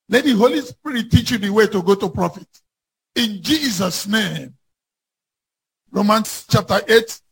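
A man preaching a sermon fervently, reading scripture aloud and rising to shouts. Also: high voice, vocal fry, breathy edge.

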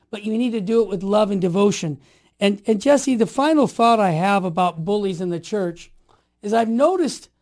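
A man in his sixties, a guest telling stories with passion and rising into forceful exhortation. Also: high-pitched. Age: 60s. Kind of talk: impassioned storytelling.

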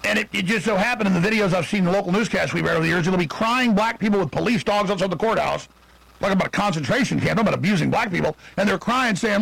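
A middle-aged man hosting a radio talk show, delivering a rambling, indignant political monologue with quick asides. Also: sits high, gravelly, a bit bright, slightly rough, no echo, rough recording.

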